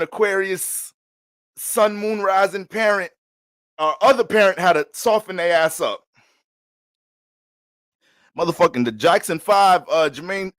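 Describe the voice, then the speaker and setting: Profane, animated New man. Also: fairly high pitch, no echo. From New York. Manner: profane, laughing, animated, rambling. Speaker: astrology reader. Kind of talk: casual livestream reading.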